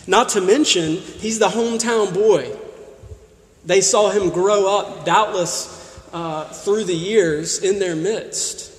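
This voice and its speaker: A man with a high-pitched voice preaches a sermon in a church sanctuary, driving his points home with one rhetorical question after another. His voice rings through a roomy space with a long, lingering reverb. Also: takes it slowly. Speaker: pastor. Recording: echoey hall with long reverb.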